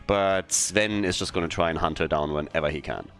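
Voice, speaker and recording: A man's voice: low-pitched, a little fast, a bit bright, clear, resonant tone, faint music behind. A man casting a video game match, analytical with a dry sense of humor. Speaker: esports caster. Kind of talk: esports commentary.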